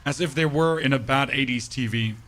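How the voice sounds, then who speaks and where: Monotone man streaming a game. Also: medium pitch, brisk. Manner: monotone, dry delivery. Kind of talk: casual live-stream chat while gaming.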